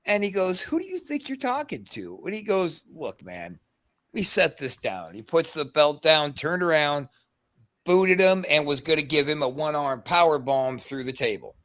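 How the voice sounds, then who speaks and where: Bright-voiced man telling wrestling stories. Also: a little high, moderate pace. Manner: animated storyteller acting out quotes, swearing freely. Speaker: podcast co-host and former wrestler. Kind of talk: casual storytelling on a video call.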